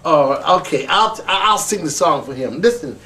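A man hosting a children's show, talking in an animated, exaggerated, teasing way. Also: on the high side, moderate pace, far from the mic, a little hiss or hum. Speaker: children's entertainer and show host. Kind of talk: playful children's show banter.

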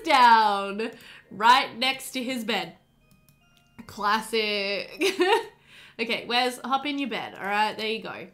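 A woman hosting a casual let's play, chatting excitably to her game characters as she plays. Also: a little high, slow pace, faint music behind. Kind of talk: casual gameplay commentary.

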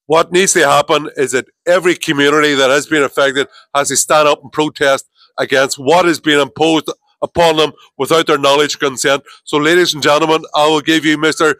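Irish guy w northern twang chairing a rally, kinda high voice, dry sound. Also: steady tone, brisk, a bit bright, no room sound. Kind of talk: rally speech and introductions.

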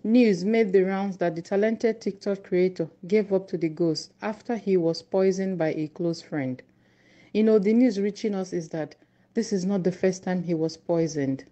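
Mellow-voiced Nigerian woman vlogger. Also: medium pitch, normal speed, lo-fi sound. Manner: chatty, addressing viewers directly. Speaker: news vlogger. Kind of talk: casual news vlog.

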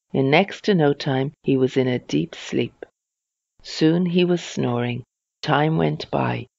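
A reader telling a children's storybook in a slow, even storytelling manner. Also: mid-range voice, vocal fry, no echo, lo-fi sound.

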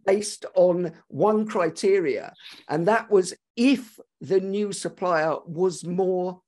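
A man's voice: high voice, slow pace, darkish tone. Enthusiastic male podcast host. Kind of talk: interview chat.

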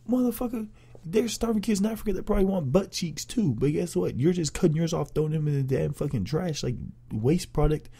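A young man in a crude, rambling comedic rant, loud and profane as a vlogger. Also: fairly high pitch, fast, breathy edge.

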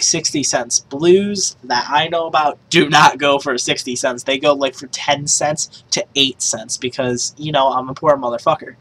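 A woman doing casual gaming commentary who swears a lot and breaks into excited shrieks and yells. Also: extremely low pitch, a little hiss or hum, rough recording. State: yelling in excitement. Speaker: gaming streamer.

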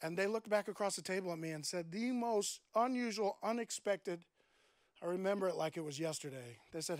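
A man's voice: high-pitched, brisk, dry recording, studio quality. A man preaching a sermon, telling a personal story in a conversational way and acting out his own thoughts. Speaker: guest preacher.

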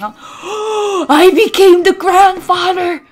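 High-pitched woman yelping over game music. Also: lively intonation, takes it slowly, few pauses. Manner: yelling, swearing, frantic outbursts. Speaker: streamer. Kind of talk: gameplay commentary.

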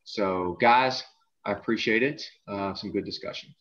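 A middle-aged man with a somewhat low voice hosts a casual podcast from a video call, and his sound comes through dull and lo-fi. He speaks haltingly, with plenty of "uh"s and repeated words as he works toward each point. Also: a bit bright. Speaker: podcast host and coach.

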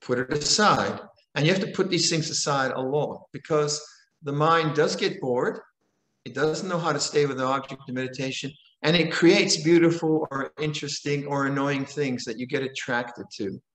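Older man giving a roomy, calm dharma talk. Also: on the high side. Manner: calm, conversational, with frequent repetitions and rhetorical questions. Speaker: meditation teacher. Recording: roomy echo.

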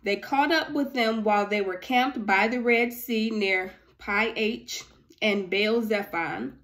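A woman's voice: on the high side, fairly bright tone. A woman reading a Bible passage aloud and breaking off into casual, ad-libbed commentary. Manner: conversational, ad-libbing asides between verses. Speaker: Bible teacher.

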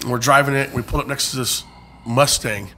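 A man hosting a casual podcast, teasing and swearing between quick questions. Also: mid-range voice, fairly even intonation, pushed and bright, slight background noise. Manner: profane, quick interjections and teasing. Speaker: podcast host.

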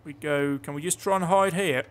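A man's voice: on the high side, moderate pace, smooth. A man giving casual, sarcastic commentary while playing a video game, talking to himself. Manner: chatty, sarcastic, muttering to himself. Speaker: gameplay commentator. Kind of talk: casual let's play commentary.

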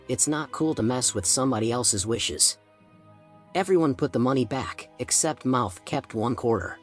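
A man narrating a first-person audiobook in a steady storytelling manner. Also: medium pitch, moderate pace, faint music behind.

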